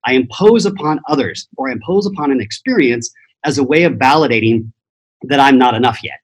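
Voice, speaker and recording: A middle-aged podcast guest, a transformation teacher, tells personal stories in a blunt, profane motivational style, acting out voices in quotes. His medium-pitched, husky voice is animated and fairly quick, though the audio is poor.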